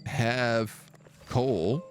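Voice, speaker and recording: Soft music plays behind a man's mid-range voice as he draws out his words. He's a streamer in Quebec playing a kingdom sim, casually and wryly narrating the strategy game live while he chats and thinks aloud.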